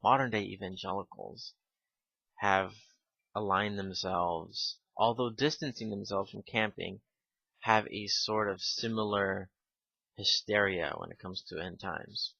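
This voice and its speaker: A man giving casual spoken commentary, halting with fillers and restarts, and given to irritated asides. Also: fairly low pitch, steady tone, vocal fry, bright, forceful tone, dry recording. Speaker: video commentator. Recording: dull lo-fi home recording.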